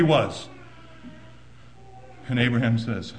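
A man preaching a sermon, swinging between hushed, low passages and loud, emphatic bursts. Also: very animated, unhurried, long pauses, echoey room, low-quality recording.

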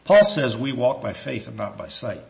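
A man preaching a sermon in a church, earnest and measured, with some hesitant restarts, slowing down when he reads scripture. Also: mid-range voice, big pitch swings, creaky.

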